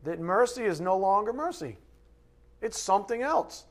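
Emphatic preacher with loud and quiet swings. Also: male voice, sits high, big pitch swings, moderate pace. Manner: rhetorical questions to the congregation. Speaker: pastor. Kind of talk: sermon.

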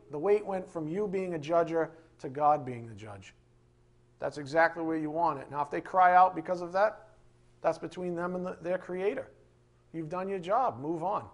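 Emphatic preacher with a high, lively voice. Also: male voice. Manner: emphatic, rhetorical questions, animated. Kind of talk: sermon.

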